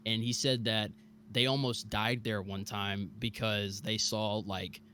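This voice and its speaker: A young man from Mississippi telling a scary true story on a podcast, animated and full of fillers. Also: fairly low pitch, a little slow, a little hiss or hum. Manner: animated, many fillers like "like" and "bro". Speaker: guest storyteller.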